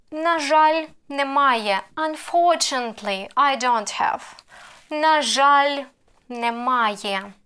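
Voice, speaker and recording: A native Ukrainian speaker with a Ukrainian accent, this woman teaches an online language lesson. Her voice sits high and sounds pushed and bright, and she explains slowly and carefully, stretching out her example phrases.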